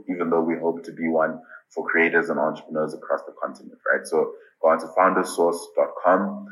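A man speaking as a podcast guest, earnest and deliberate, often pausing with ums and repeating "I really think". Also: rumbling low, flat delivery, fairly bright tone, low-quality recording. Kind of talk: casual interview answers.

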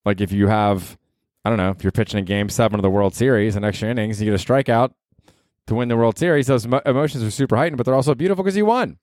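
A man talking through a casual solo podcast, wandering from story to story, dropping swear words and chuckling at himself. His voice sits fairly low, and the sound is dry and close, with no room around it. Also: quick pace, darkish tone, dry recording. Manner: rambling, swears casually, laughs at own jokes. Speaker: podcast host.

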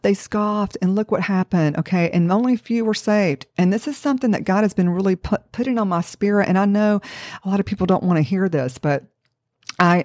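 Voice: medium pitch, darkish tone, no echo, studio quality. A Bible teacher talking in a casual, conversational way, often checking in with "okay?" and reading scripture aloud in old-fashioned wording. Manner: reads scripture aloud in King James wording.

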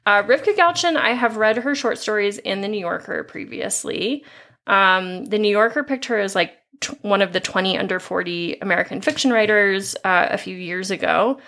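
A woman's voice: mid-range voice, moderate pace, a bit bright. A woman co-hosting a podcast in casual chat, wry and easygoing. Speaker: podcast co-host.

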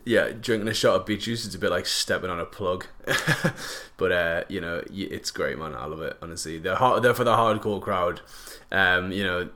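A man's voice: low-pitched, normal speed, sharp tone. A young man, chatting casually and jokily to camera, rambling with lots of fillers and slang. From northeast England.

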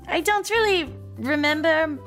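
A woman's voice: high-pitched, a little slow, a bit bright, soft background music. A woman playing a tabletop role-playing game, speaking in a wry, teasing way. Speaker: player. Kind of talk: in-character tabletop role-play.

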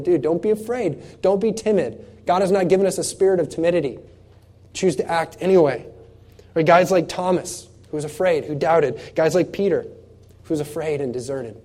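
Man preaching a conversational sermon. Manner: conversational preaching, asks the congregation rhetorical questions; swings from loud emphatic scripture reading to soft low asides. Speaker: pastor.

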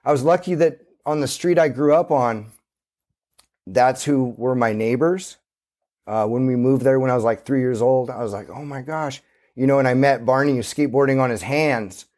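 With a somewhat mellow, mid-range voice at normal speed, a skateboarder from Santa Cruz, California chats as a casual interview guest. His storytelling is relaxed and meandering, full of fillers.

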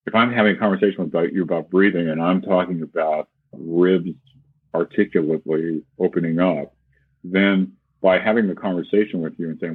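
A man's voice: low-pitched, husky, no room sound. A man, a flute teacher, explaining breathing in a casual conversation and demonstrating with sung syllables and quoted voices. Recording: tinny phone-like call audio.

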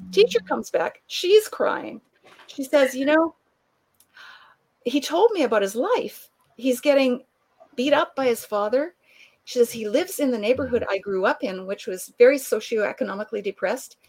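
A woman guest telling a long anecdote in conversation, animated and laughing often, acting out the people she quotes. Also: high-pitched, normal speed. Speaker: author and guest. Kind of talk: conversational storytelling.

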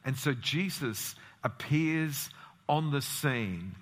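A man's voice: mid-range voice, big pitch swings, normal speed, a bit bright. A pastor preaching a sermon, asking rhetorical questions and swinging his voice up and down.

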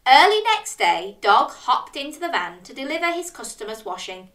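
A woman reading a picture book aloud to young children, animated and sing-song, stopping to ask her listeners questions. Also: a little high, moderate pace, few pauses. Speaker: children's story reader.

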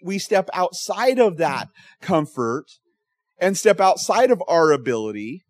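A man's voice: on the high side, no echo. A middle-aged man, a pastor, preaching a sermon and telling stories conversationally, with frequent restarts and emphatic bursts. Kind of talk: expository sermon.

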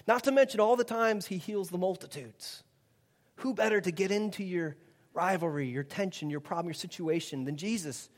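A man's voice: high-pitched, in a large hall. A middle-aged man preaching a sermon, telling a personal story with chuckles and acted-out dialogue as a pastor.

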